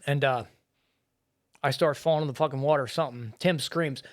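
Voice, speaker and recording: A middle-aged firefighter and police officer telling a painful rescue story in a podcast interview, blunt and full of swearing. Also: male voice, fairly high pitch, steady tone, brisk. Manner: blunt and profane, heavy swearing and filler words.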